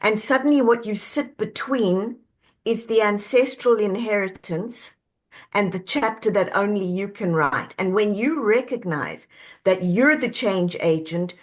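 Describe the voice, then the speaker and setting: A woman being interviewed, calmly walking the listener through reflective questions step by step. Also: mid-range voice, a little slow. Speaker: guest. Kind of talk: interview answer, coaching talk.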